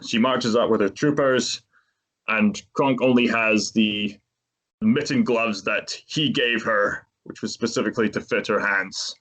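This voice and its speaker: A man's voice: on the low side, a little slow, fairly bright tone. A man hosting a podcast, retelling a movie's plot in a casual, chatty way and laughing often. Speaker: podcast host.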